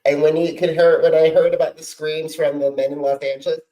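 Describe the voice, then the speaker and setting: A man's voice: a little high, flat delivery, brisk, dark tone, highs cut off. A man hosting a podcast interview, speaking earnestly and enthusiastically. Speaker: podcast host. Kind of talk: casual interview.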